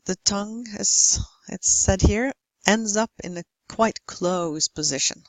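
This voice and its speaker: A Norwegian woman teaching English pronunciation in a slow, careful way, working through example word lists one at a time. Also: mid-range voice, dry recording. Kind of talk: recorded phonetics lesson.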